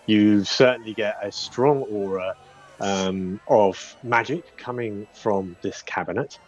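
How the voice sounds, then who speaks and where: A man's voice: lowish voice, slow pace. A man narrating as game master in a casual, rambling way, with many fillers and restarts. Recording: dull lo-fi audio.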